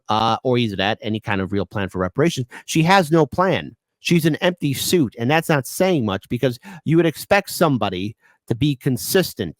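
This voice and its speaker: A man hosts a political commentary show, reading documents aloud in a halting, stuttering way. His voice sits in the middle range for a man. It is recorded close and dry, with no room echo. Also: mid-range voice. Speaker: host.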